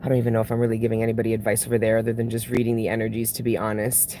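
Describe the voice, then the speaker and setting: This woman reads tarot for her channel and vents casually to viewers, blunt and swearing heavily as she keeps building into emotional outbursts. Her voice is extremely low, monotone and warm, and she races along. There's slight background noise.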